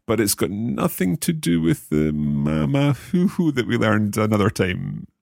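A man's voice: on the low side, sing-song, unhurried, creaky, darkish tone, dry recording, studio quality. A man co-hosting a language lesson, curious, repeating phrases back and asking questions. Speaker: learner co-host of a language lesson. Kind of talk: casual teaching dialogue.

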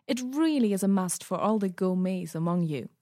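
Brief: female correspondent, mid pitch, cheerful read, dry studio sound. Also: animated, moderate pace, warm tone, no room sound. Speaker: cultural correspondent. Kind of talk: scripted travel segment in a language lesson.

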